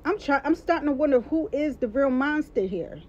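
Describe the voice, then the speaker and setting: High-voiced woman ranting with heat. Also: expressive, brisk, slight background noise. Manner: emphatic, repeats points, heated. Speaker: social media personality. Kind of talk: impassioned live-stream rant. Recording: dull lo-fi sound.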